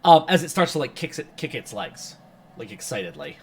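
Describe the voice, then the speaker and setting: Rambling game master with a lively pitch. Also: male voice, a little fast. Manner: rambling, many fillers and restarts. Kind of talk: narrating a tabletop game. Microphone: home microphone with pop filter.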